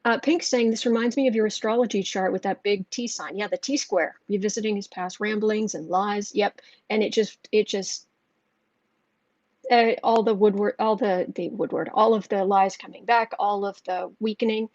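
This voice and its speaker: A woman's voice: mid-range voice, steady tone, moderate pace, darkish tone, no room sound. A woman hosting a live tarot reading stream. She reads viewer comments aloud and talks in an emotional, rambling way with many restarts. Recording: dull, lo-fi sound.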